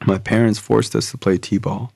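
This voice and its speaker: A man's voice: lowish voice, normal speed, creaky, no room sound, clean studio sound. A man, a podcast guest, telling a personal story in a casual, loose way, full of "like" and "bro". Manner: casual, relaxed, frequent "like" and "bro".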